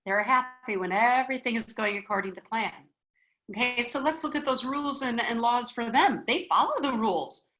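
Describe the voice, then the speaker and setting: Animated woman teaching a class. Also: a little high, low-quality recording. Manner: animated, checks in with frequent "okay?". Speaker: spiritual wisdom teacher. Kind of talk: lecture class.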